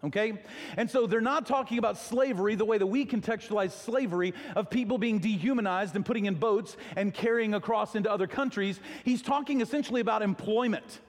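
Male pastor, light high voice, self-deprecating storyteller, recorded in an echoey sanctuary. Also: brisk. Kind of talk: sermon.

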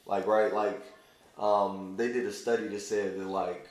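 A man talks in a loose, rambling way and keeps circling back with fillers as he makes his point. His voice sits low. The room is very echoey around him. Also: level tone, a little slow. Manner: loose and rambling, heavy use of "like". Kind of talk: casual conversation.

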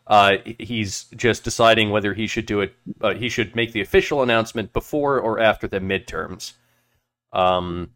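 A man's voice: on the low side, a bit bright. Hesitant male podcast host, lots of fillers. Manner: hesitant, heavy on filler sounds. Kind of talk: casual political talk.

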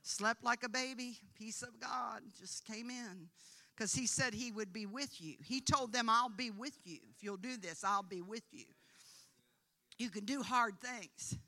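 A woman preacher tells a personal mission story to her congregation. Her voice is bright and clear. She moves between quiet narration and loud, emphatic preaching, and she laughs at herself along the way. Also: fairly high pitch, a little slow. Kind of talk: sermon testimony.

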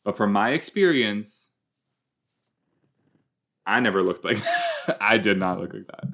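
A man's voice: on the low side, lively intonation, measured pace, gravelly, fairly bright tone. A young man giving casual, joking commentary while reacting to a TV episode, with rambling asides. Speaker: show reaction host.

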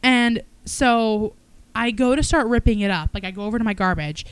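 A woman's voice: fairly high pitch, moderate pace, smooth, dry recording, rough recording. A young woman co-hosting a podcast, telling stories in a casual chat, laughing often and swearing freely. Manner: laughs a lot, swears, animated storytelling. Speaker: podcast co-host.

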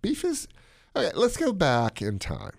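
A man co-hosting a podcast, talking his opinions in a casual, animated way. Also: high voice, unhurried, vocal fry, dry recording, clean studio sound. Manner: animated, opinionated, drops into playful put-on accents. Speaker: podcast co-host.

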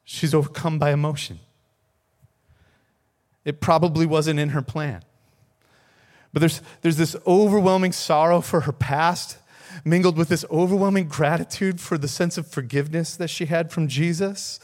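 A man's voice: fairly high pitch, steady tone, normal speed, a little mellow. A man, a pastor, preaching a sermon, telling a story earnestly with repeated words and rising emphasis.

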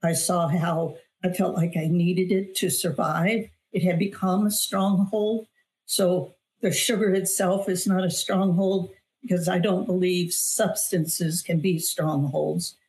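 Speaking at a measured pace with a steady, darkish tone, this fairly low-voiced guest tells her personal story on an interview show. The middle-aged author and weight loss coach is earnest and emphatic, repeating phrases to drive points home.

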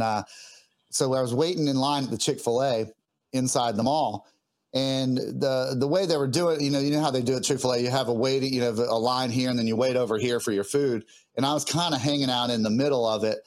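Man, podcast guest, earnest, heartfelt storytelling, halting restarts, middle pitch. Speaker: guest musician. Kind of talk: emotional personal storytelling.

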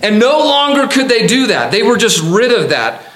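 A man preaching a sermon as a pastor, lively and humorous, with emphatic repetition. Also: very high voice, normal speed. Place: church sanctuary. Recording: echoey church hall.

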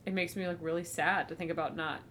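A young woman talks in loose, animated podcast banter, her voice sitting a little low for a woman. She leans on "like" and drops casual swears as she tells family stories. A faint rumble hums under the recording. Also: fast talker. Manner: chatty, animated storytelling with frequent "like" and swearing. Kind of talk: casual chat.

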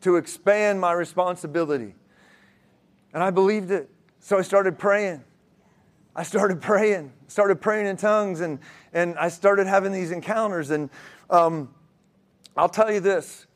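Brief: male preacher, slightly high voice, earnest testimony, frequent restarts. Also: measured pace, pauses often. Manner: earnest storytelling with many restarts. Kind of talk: sermon testimony.

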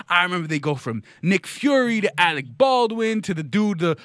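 A man's voice: high voice, lively intonation, normal speed, hardly any pauses, a bit bright, no room sound, studio quality. A man hosting a podcast, delivering a mock-outraged, sarcastic comedic monologue. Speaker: podcast host.

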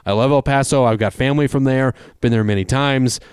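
A man chats through his college football betting picks in a loose, hedging way, dropping fillers as he thinks aloud. His voice is smooth and clear. The sound is dry and close, with no room around it. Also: mid-range voice, fairly quick, a little mellow, dry recording. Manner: hedging, conversational with many fillers. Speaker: sports betting co-host. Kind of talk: casual sports betting chat.

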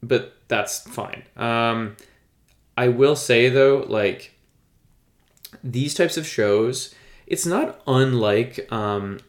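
A man's voice: medium pitch, very slow, long pauses, echoey room. A man co-hosting a casual podcast chat, rambling and enthusiastic, with lots of fillers. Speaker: podcast co-host.

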